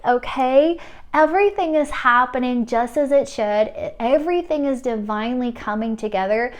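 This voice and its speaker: A high-pitched woman running a pick-a-card oracle reading. She keeps bursting into excited exclamations, then settles into a soft, reassuring tone as she speaks straight to the listener. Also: normal speed. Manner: gushing, excitable, exclaims often; soothing, reassuring addresses to the listener. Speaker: tarot card reader.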